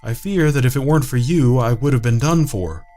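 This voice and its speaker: A man voicing a gentle, polite young woman guest in a visual novel who speaks formally and softly. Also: mid-range voice, fairly quick, voice pushed up, lightly acted. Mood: polite, shy. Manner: formal, soft, affectionate.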